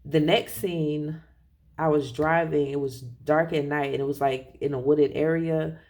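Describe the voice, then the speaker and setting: A tarot reader talking casually and rambling, correcting themself often and laughing softly as they share a reading. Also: mid-range voice, fairly even intonation, measured pace.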